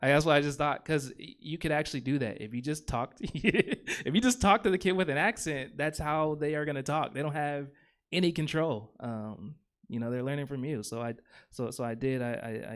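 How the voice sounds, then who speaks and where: A man's voice: medium pitch, smooth. A man in his thirties performs stand-up on a comedy theater stage, speaking into a handheld mic. His delivery rambles, with constant ums and likes and self-mocking asides about his own long setups. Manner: rambling, filler-heavy, self-deprecating.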